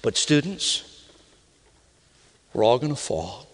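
A middle-aged man from Minnesota with a Minnesota accent, a pastor preaching a storytelling sermon with sudden excited outbursts. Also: medium pitch, slow pace, husky. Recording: long reverb of a large hall.

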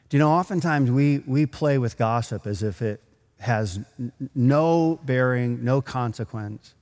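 A man's voice: mid-range voice, moderate pace, darkish tone, big-room sound. A man preaching a sermon, telling a story with acted quotes and building to emphatic points. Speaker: pastor.

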